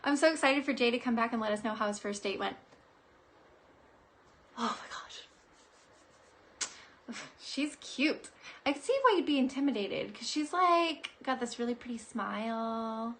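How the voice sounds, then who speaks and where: A woman's voice: fairly high pitch, expressive, normal speed, long pauses, fairly bright tone, a little hiss or hum. A woman psychic giving a live-streamed oracle card reading, bubbly and giggly in a chatty way. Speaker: psychic reader.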